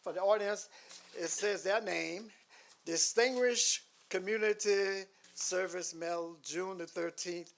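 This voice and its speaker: A man presenting awards at a public board meeting, speaking formally with some halting pauses. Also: high-pitched, creaky.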